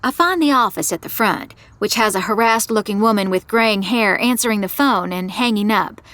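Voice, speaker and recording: A woman giving first-person scripted narration of an audio drama in a measured storytelling manner. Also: medium pitch, fairly bright tone, dry recording.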